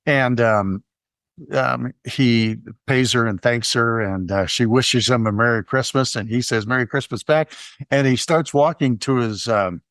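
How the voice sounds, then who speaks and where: A man's voice: medium pitch, unhurried, fairly bright tone, dry recording, clean studio sound. Rambling storytelling male co-host. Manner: rambling storyteller with many ums and uhs. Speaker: podcast co-host. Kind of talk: conversational storytelling.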